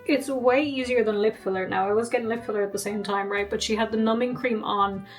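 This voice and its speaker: A woman's voice: a little high, fairly even intonation, fast talker, soft background music. A young woman vlogging in a casual, chatty way, laughing often and poking fun at herself. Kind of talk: casual vlog chat. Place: at home.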